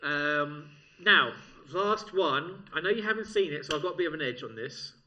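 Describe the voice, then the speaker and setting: Co-host, sharp bright tone, lively, self-mocking banter. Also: male voice, fairly high pitch, normal speed. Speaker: podcast co-host. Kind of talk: casual banter. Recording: slightly muffled podcast audio.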